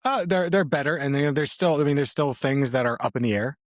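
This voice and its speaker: A man's voice: a little high, fast, no echo, studio quality. A man co-hosting a podcast, speaking candidly and reflectively in casual chat. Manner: reflective, candid, with fillers and restarts. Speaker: podcast co-host.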